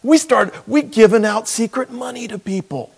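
A man preaching as a pastor, telling personal stories in an animated way. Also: extremely high pitch, normal speed, vocal fry, slightly rough. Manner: animated storyteller. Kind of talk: sermon with personal storytelling.

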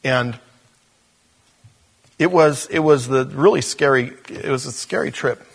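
A male pastor telling a story in a sermon, animated, with stumbles and restarts. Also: medium pitch, a little slow, gravelly, breathy edge.

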